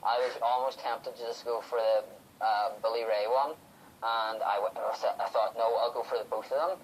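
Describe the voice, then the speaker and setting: A man's voice: mid-range voice, steady tone, moderate pace, slight background noise, rough recording. A man from the UK hosting a podcast, chatting casually and acting out what people said. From United Kingdom. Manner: chatty storyteller, acts out quotes. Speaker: podcast host. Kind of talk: casual chat.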